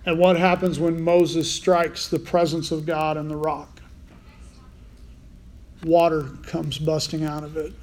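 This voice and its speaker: A man's voice, on the high side and a little mellow, keeps a level tone and measured pace with frequent pauses. He preaches an informal, conversational Bible sermon, asking his listeners questions as he goes.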